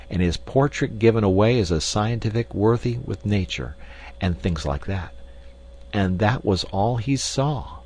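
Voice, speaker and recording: A man narrating a classic novel in the first person, measured and dramatic. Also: sits low, a little mellow. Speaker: audiobook narrator.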